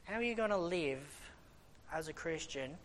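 A man preaching a sermon, animated, swinging between loud exclamations and quiet low asides. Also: moderate pace, a little hiss or hum.

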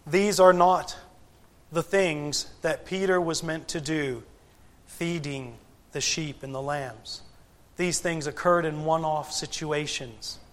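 A man preaching a sermon to a gathered congregation, deliberate and emphatic, with frequent pauses and rhetorical questions. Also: a little high. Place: church gathering.

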